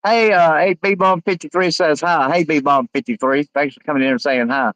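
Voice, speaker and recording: Man, livestream host, halting rambling delivery, slightly high, dry close mic. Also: a bit bright, no echo, rough recording. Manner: rambling, halting, many uh fillers. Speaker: live stream host. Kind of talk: casual live stream chat, reading comments aloud.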